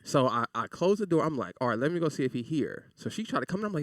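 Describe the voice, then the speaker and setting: A man's voice: a little high, fast, hardly any pauses, dry recording, studio quality, recorded from a distance. A man in his thirties telling a story in casual chat, acting out the other voices in it. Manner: animated storyteller, acts out voices.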